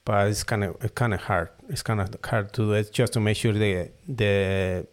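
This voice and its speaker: A Mexican man whose first language is Spanish speaks halting, Mexican-accented English as a guest falconer and hood maker in a casual interview. His voice is lowish and steady, and he often repeats words while searching for the right ones.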